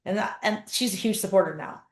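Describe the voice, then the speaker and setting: A woman guest telling stories in a casual interview over a video call, acting out her own quotes with lively energy. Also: medium pitch, fast talker, over a noisy crowd. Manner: animated storyteller, acts out her own quotes. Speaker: guest, company founder. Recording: roomy echoey sound.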